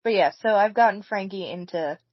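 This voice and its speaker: A woman's voice: mid-range voice, brisk, no echo. A woman co-hosting a podcast in casual chat, playful and teasing. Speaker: podcast co-host. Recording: dull dry lo-fi audio.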